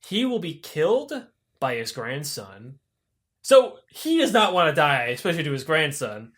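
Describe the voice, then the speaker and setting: A young man hosting a podcast, retelling myths in a profane, animated, comedic way and laughing often. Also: a little high, normal speed. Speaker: podcast host. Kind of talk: comedic casual storytelling.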